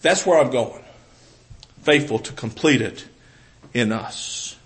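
Speaking slowly at a medium pitch, a Southern-accented man preaches earnestly to a congregation, frequently starting phrases over. His delivery shifts from booming emphasis to quiet, personal asides, all in a low-quality recording.

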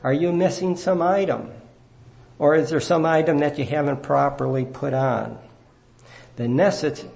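A man preaching a sermon, explaining scripture in a measured, earnest teaching manner. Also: medium pitch, creaky, a little mellow.

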